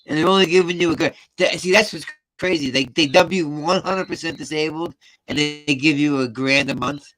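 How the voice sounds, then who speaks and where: Bright man chiming in agreeably. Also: a little high, a little fast, soft background music. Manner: backchannels with short agreeing responses. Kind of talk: casual chat.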